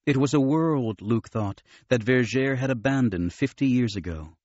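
Guy narrating an audiobook, low voice, very dry, kinda muffled lo-fi. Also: lively intonation, moderate pace, darkish tone, no room sound. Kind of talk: scripted narration.

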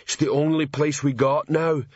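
A man doing a slow-witted troll sergeant. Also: fairly high pitch, little pitch movement, darkish tone, no room sound, highs cut off, voice pushed up, close to an everyday voice. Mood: earnest. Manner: slow, deliberate, ungrammatical.

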